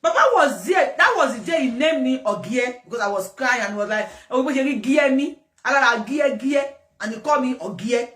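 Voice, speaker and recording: High-pitched Nigerian woman rambling animatedly. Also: brisk, few pauses. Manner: lively, rambling, repeats herself, laughs. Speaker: commentator host. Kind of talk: casual commentary mixing English and Yoruba. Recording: distant echoey room.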